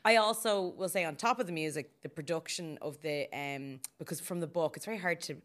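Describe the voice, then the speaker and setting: A woman co-hosting a film podcast in casual chat, animated and quick to laugh, with frequent asides. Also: low voice. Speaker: podcast co-host.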